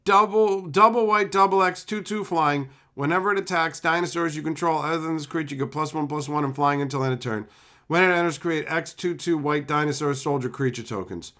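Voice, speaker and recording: A man's voice: on the high side, fairly bright tone. A man live-streaming as he opens card packs, chatting casually and ranting sarcastically with lots of swearing.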